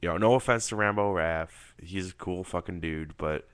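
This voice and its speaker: A man giving a casual, rambling film review monologue, swearing often and filling pauses with "like" and "um". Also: low-pitched, a bit bright, smooth, dry recording, clean studio sound. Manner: rambling, profane, filler-heavy.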